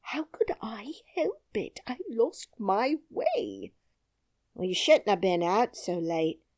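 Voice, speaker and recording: A woman's voice: lowish voice, moderate pace, a little mellow, natural voice. A woman voicing a fussy, fretful nursemaid who scolds indignantly and near tears.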